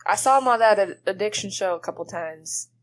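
A woman's voice: medium pitch, brisk, low-quality recording. Woman tossing in dry quips. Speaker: podcast co-host. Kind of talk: casual chat.

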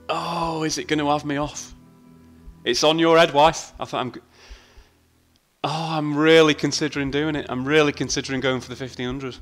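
Man, bright forceful voice, casual slot commentary, excitable, swearing, faint game music behind. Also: a little high, moderate pace, pauses often. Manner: excitable, swears a lot, talks to himself and shouts at the game. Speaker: slot video host. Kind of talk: casual commentary while playing slots.

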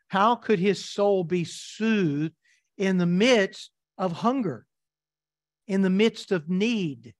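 A middle-aged male pastor preaching a midweek sermon, reading scripture slowly and deliberately with lively asides. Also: on the high side, no echo, studio quality. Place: church sanctuary.

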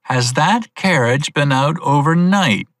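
A man reading as a calm, stern male detective chief in a storybook, speaking in an icy, commanding way. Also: mid-range voice, normal speed, no room sound.

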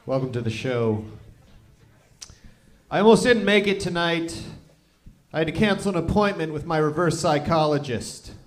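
Man telling deadpan one-liners on stage. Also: a little high, normal speed, soft background music. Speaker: stand-up comedian. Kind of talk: stand-up comedy. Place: comedy club stage.

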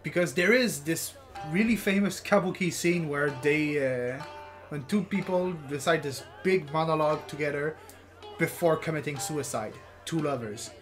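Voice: medium pitch, moderate pace, soft background music. A co-host chatting casually during a game playthrough, asking curious questions. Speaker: let's play co-host. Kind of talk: casual gameplay chat.

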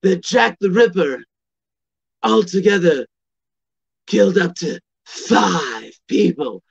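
A man voicing a solemn British male tour guide, with a British accent and a slow, ominous delivery. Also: high-pitched, lively intonation, creaky, slightly rough, muffled recording, full character voice.

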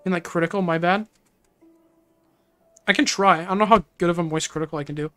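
A woman's voice: on the low side, quick pace, fairly bright tone, soft background music. Giggly, rambling woman streamer. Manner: giggly, rambling, easily flustered. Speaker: game streamer. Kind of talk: casual livestream chat.

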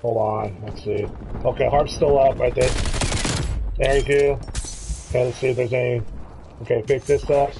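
A man giving live commentary on his own shooter game, excitable, swinging between quiet muttering and high yelps and pleading. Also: moderate pace, pauses often, noisy background. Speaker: gaming streamer. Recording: gunfire and game sounds behind the voice.

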